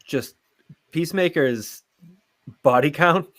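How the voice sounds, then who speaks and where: A man's voice: on the high side, slow, a bit bright. A man co-hosting a casual review podcast, telling stories in a laid-back way. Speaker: podcast co-host.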